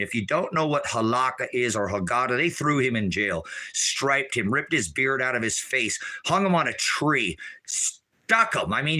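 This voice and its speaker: A middle-aged American preacher who talks off the cuff and rambles from point to point. He scolds his listeners in a combative, cutting tone. His voice is strikingly bright and sharp. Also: medium pitch, poor audio. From United States.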